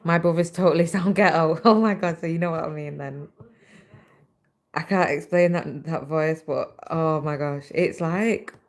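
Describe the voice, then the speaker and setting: A woman's voice: deep voice, fairly even intonation, normal speed. A British woman hosting a casual livestream, chatting away and reading viewer comments aloud while she stitches, into a laptop mic. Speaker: livestream host.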